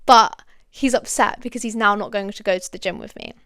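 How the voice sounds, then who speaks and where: A woman's voice: mid-range voice, fairly quick, fairly bright tone, no room sound, clean studio sound. A young woman hosting a podcast, telling a personal story in a candid, confiding way with many fillers and asides to her listeners. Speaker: podcast host.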